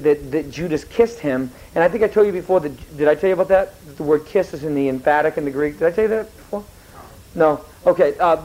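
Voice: medium pitch, darkish tone, poor audio. A teacher giving a history lecture in a classroom, rambling and digressing, correcting themself mid-sentence and asking the students questions.

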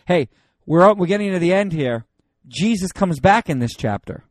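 Lively jokey man teaching the Bible. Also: sits high, moderate pace, no echo. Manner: lively, jokey, reads scripture aloud with rising emphasis. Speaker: pastor teaching a Bible study.

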